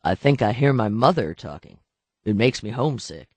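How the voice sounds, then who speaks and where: A man voicing a soft-spoken nervous man on the run, hesitant and uneasy, in an audiobook. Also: mid-range voice, animated, normal speed, no room sound, pitched below the performer's own voice, close to an everyday voice. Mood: wry.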